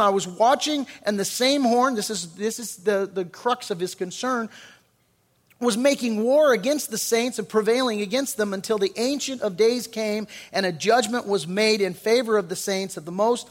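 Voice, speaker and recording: Man, pastor, fairly high voice, casual sermon, slow scripture reading, lively asides. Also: in a large hall. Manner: reads scripture slowly, then explains it in casual, animated asides. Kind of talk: expository sermon.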